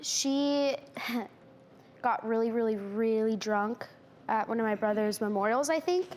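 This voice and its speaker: A young woman telling an emotional family story as a talk show guest, halting and tearful at times. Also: fairly high pitch, darkish tone, slight background noise. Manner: halting, tearful retelling with quoted speech.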